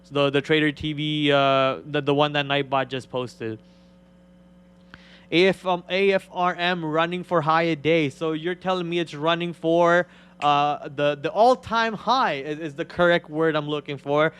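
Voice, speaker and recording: A man's voice: fairly high pitch, flat delivery, moderate pace, fairly bright tone, clear, resonant tone. A man hosting a live stock trading stream, talking in a rambling way with many fillers and repeated words. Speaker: stock trading show host.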